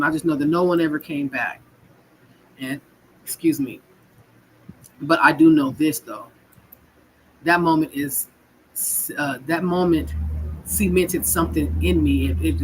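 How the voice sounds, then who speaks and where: A low-voiced Californian woman, appearing as a guest, tells her own story with raw, frank feeling, swearing and repeating phrases. The rough recording has a little hiss or hum.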